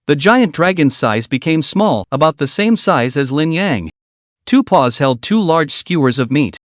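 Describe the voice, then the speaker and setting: Male narrator for a fantasy comic recap, voice sitting a little high, dry close sound, steady delivery. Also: measured pace, no echo. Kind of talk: scripted story recap narration.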